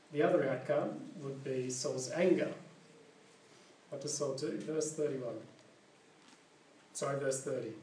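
A man's voice: a little high, dark tone, distant mic, slight background noise. A man preaching a sermon, reading scripture aloud and explaining it in a conversational way, often correcting himself mid-sentence. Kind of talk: sermon with Bible reading and commentary. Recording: echoey room, voice from off-mic.

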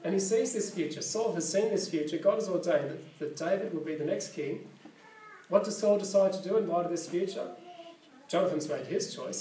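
A man's voice: sits high, warm tone, recorded from a distance, a little hiss or hum. Man preaching in an echoey room. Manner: conversational, corrects himself mid-sentence. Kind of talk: sermon with Bible reading and commentary.

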